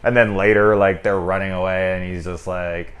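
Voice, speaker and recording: A man with a deep, low voice talks through a movie in a loose, unscripted review. He rambles and restarts, peppers his talk with "like," and swears casually as he goes. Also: flat delivery, moderate pace, fairly bright tone. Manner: rambling, loose and candid with frequent swearing and filler "like". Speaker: film reviewer. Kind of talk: casual spoken film review.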